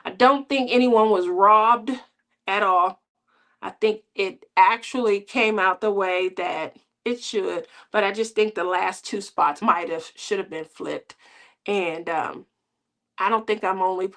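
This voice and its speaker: A woman's voice: mid-range voice, a little slow, fairly bright tone. A middle-aged woman hosting a crafting channel, chatting casually with viewers in a rambling way and laughing often.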